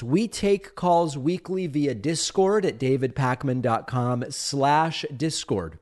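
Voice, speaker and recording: A man hosting a political talk show, reading an ad and taking listener calls in a brisk, friendly way. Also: medium pitch, animated, darkish tone. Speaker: host.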